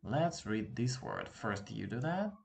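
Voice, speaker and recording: Russian-accented man teaching, slow and lively. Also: mid-range voice, creaky, a little hiss or hum. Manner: patient, repeats words slowly for practice. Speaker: language teacher. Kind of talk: casual online lesson. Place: room with open window, street noise behind.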